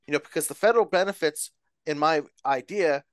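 A man's voice: on the high side, fairly quick, noisy background. A man on a podcast roundtable explaining his idea in a rambling, explanatory way. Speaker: roundtable guest. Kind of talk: podcast discussion.

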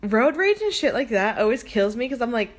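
Casting note: young woman, casual podcast host, rapid filler-heavy chat, swears freely. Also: fairly high pitch, big pitch swings. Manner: fast, chatty, says "like" a lot, swears freely.

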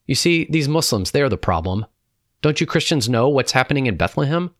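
A blunt army captain lectures a frightened family in a raised, preachy voice, as a man reads him aloud. The voice sits well above the reader's own low register, clipped and sure of itself, recorded dry and close. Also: very animated, a little fast, fairly bright tone, no echo. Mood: menacing.

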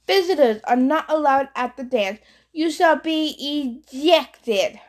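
A woman's voice: high voice, expressive, takes it slowly, pitched above the performer's own voice. Brief: a woman voicing a cold, commanding male teacher with a French accent, in a storybook reading. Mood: stern. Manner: curt, commanding.

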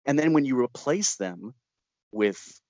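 A man of ordinary pitch tells stories in an interview. He laughs often and jumps into playful voices for the people he quotes. The sound is dry and slightly muffled. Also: expressive, a little slow, a little mellow, no echo. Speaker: horror filmmaker. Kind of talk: animated interview storytelling.

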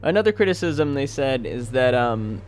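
A man's voice: medium pitch, very animated, moderate pace, faint music behind. A man co-hosting a casual chat, teasing and prompting with questions. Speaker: podcast co-host.

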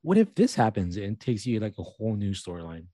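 A man's voice: on the low side, very animated, quick pace, dark tone, dry recording, clean studio sound. A man co-hosting a podcast in casual chat, laid-back and easygoing. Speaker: podcast co-host.

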